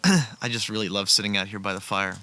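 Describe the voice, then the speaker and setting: Bright-voiced male storyteller, earnest and conversational, recorded outside by a fire. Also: fairly low pitch, steady tone, brisk. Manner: earnest, conversational, with frequent restarts. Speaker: storyteller sharing a personal testimony. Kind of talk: casual spoken storytelling. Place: outdoors beside a campfire.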